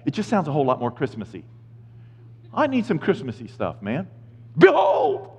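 A man in his fifties preaching a sermon in a casual, jokey way, swinging from hushed asides to shouted lines. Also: on the high side, wildly swooping pitch, normal speed, creaky, husky. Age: 50s. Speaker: pastor. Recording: muffled sound with long hall reverb.

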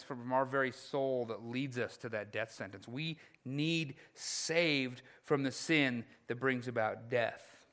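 A man preaching a sermon as pastor, moving between loud, driving passages and hushed, slow ones. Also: mid-range voice.

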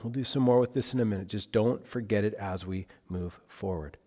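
Brisk and on the lower side, a male pastor's sermon rings with a long reverb tail. His expressive preaching picks up speed for quoted dialogue and goes quiet to underline points.

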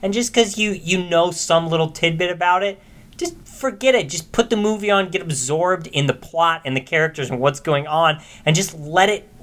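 A man co-hosting a casual podcast chat, animated and profane, explaining his views at length. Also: a little high, moderate pace. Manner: animated, profane, quotes movie lines with big shouts. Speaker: podcast co-host.

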